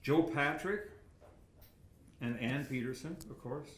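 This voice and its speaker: A man's voice: fairly high pitch, takes it slowly, a bit bright. An older man, a retired sportscaster, giving a rambling, self-deprecating acceptance speech with many anecdotes and chuckles at a podium microphone. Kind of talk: after-dinner acceptance speech. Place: banquet hall. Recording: echoey hall with faint room noise.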